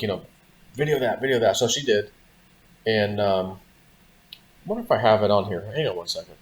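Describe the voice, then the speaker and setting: A man's voice: fairly low pitch, a little mellow. A man hosting a vlog, telling a story in a casual, rambling way, full of "you know" and "like". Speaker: vlog host.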